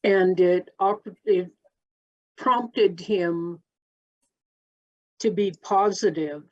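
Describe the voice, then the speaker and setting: Workshop participant, woman, slow and thoughtful, dull video-call sound. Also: fairly low pitch. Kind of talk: group discussion.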